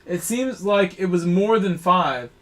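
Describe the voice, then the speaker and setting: A man's voice: sits high, measured pace, a bit bright. A man hosting a racing game live stream, casually thanking supporters and reading out long lists of viewer names.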